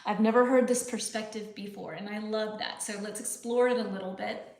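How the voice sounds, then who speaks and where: A woman's voice: medium pitch, fairly even intonation, brisk, darkish tone, roomy sound. A middle-aged woman hosting a live English lesson, chatting casually, thinking aloud and reading viewer comments. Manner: chatty, thinking aloud, frequent fillers and laughs.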